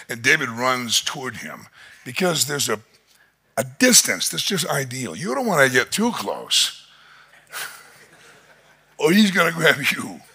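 A male pastor preaching a sermon in an animated storytelling manner, chuckling often as he tells the story. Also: mid-range voice, slow pace, long pauses, husky.

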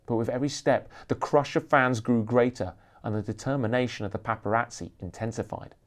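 A man reading aloud from his own thriller novel, lively and expressive in his narration. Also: mid-range voice, fairly quick. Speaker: author reading his book.

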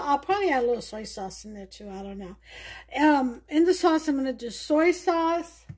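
A woman with a high voice and a New York accent hosts an informal cooking demonstration in her own kitchen, chatting and thinking out loud with frequent fillers. There's slight background noise.

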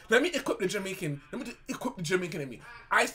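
A man's voice: high-pitched, big pitch swings, very fast, a crowd in the background. A young man streamer telling a story in casual slang, often bursting into laughter. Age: young adult. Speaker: live streamer.

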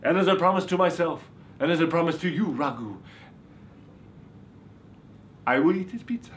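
A man's voice: a little high, expressive, fast talker, a little hiss or hum, natural voice. A man doing a hammy campy vampire. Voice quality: theatrical, sudden shouts. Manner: hammy, boastful. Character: campy male vampire turned beach boy. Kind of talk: comedy sketch.

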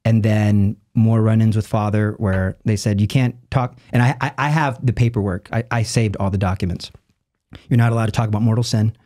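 Man telling a story in lively bursts. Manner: acts out quoted voices with big jumps in pitch; rushes asides in quick bursts. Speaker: guest, lay evangelist. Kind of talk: animated storytelling in conversation.

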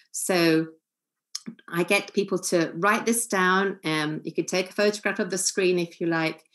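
A woman giving a calm, earnest seminar lecture as a family therapist, acting out short example lines. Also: fairly low pitch.

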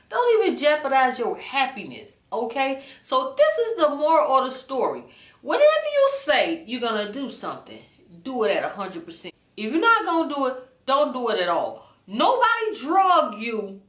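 Animated woman ranting in an echoey room. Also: high voice. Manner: animated, indignant storytelling with a few whispered bits. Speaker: vlogger. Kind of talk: storytime rant.

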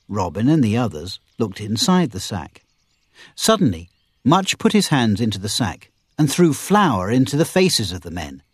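Husky man narrating a storybook. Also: medium pitch, dry recording, clean studio sound. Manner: expressive storytelling. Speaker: audiobook narrator. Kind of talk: scripted narration.

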